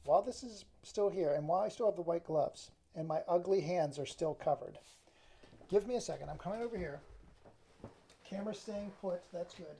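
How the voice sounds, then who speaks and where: A man's voice: high voice, normal speed, gravelly, warm tone, a little hiss or hum. A man talking casually to the camera in a rambling, self-deprecating way. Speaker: vlogger.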